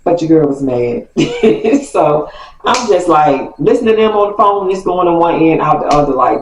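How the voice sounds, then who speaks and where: Storytime vlogger, woman: animated, self-correcting, laughs through it; roomy echo, distant mic. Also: low voice, normal speed. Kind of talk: casual storytime.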